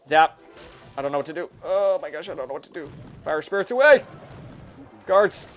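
A man giving excited, fast commentary while playing a mobile game, reacting loudly to every move. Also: on the high side, faint music behind. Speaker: gaming YouTuber. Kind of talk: excited live gameplay commentary.

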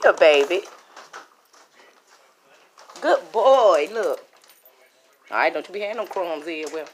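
A woman's voice: lowish voice, animated, slow pace. A middle-aged woman, chatting casually to her viewers at home. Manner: chatty, talks to viewers as y'all. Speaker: vlogger. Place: living room at home.

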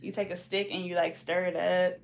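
A woman's voice: lowish voice, little pitch movement, a little fast, creaky, a little hiss or hum. A young woman with a Bay Area accent, hosting a casual braiding vlog and chatting in a laid-back, slangy, teasing way. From California. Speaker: hair braider and vlog host. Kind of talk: casual chat while braiding.

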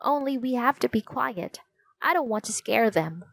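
A woman's voice: fairly high pitch, animated, moderate pace, gravelly, dry recording, voice pushed up. Woman reading as an earnest falcon-loving boy. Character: eager boy who loves falcons.

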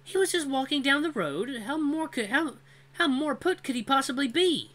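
A clever young female wolf from a fantasy audio story, with a high, bright voice, played by the reader. She sounds sharp and sassy, quick to answer back. The reading is lively and expressive.

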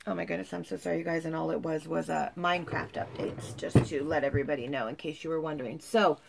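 A woman's voice: sits low, fairly even intonation, fast talker, creaky, a crowd in the background. A woman vlogging at home in a chatty, gushing way, full of "like" and "you guys". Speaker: lifestyle vlogger. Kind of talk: casual chat to camera.

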